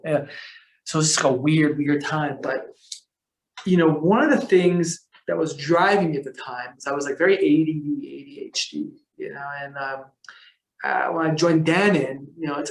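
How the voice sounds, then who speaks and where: A man telling long stories as a podcast guest, rambling and animated, with lots of fillers, restarts and slang. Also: a little high. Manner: slangy, calls the host bro. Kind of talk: casual storytelling conversation.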